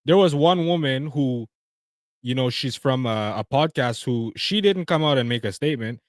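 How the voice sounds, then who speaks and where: A man's voice: medium pitch, animated, moderate pace, dry recording, clean studio sound. A man hosting a livestream, reacting to video clips in a mocking, slangy way and laughing often. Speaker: livestream host.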